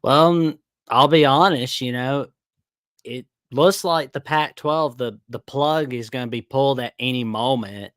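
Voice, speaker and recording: Southern man calling in, smooth voice. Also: mid-range voice, unhurried, fairly bright tone, no room sound, studio quality. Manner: hesitant, many fillers and restarts. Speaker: caller. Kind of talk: casual chat on a call-in show.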